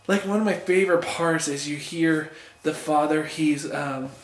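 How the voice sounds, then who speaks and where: A man's voice: fairly high pitch, unhurried. Eager man in an echoey room. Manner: enthusiastic, rambling, stumbles over names. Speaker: comic book reviewer on a video channel. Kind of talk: casual spoken review.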